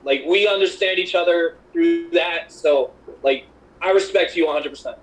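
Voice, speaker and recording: A man with a notably high voice talks in an emotional, rambling way. He fills his sentences with "like" and circles back on himself as he thanks the other players. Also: normal speed, poor audio. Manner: rambling, heartfelt, heavy on "like". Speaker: game player. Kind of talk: emotional casual chat.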